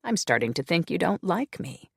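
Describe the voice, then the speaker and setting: A man's voice: big pitch swings, normal speed, gravelly, fairly bright tone, slightly rough, dry recording, clean studio sound, exaggerated voice. A man voicing a possessive immortal shifter. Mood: cold. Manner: low, cold and controlled, hissing.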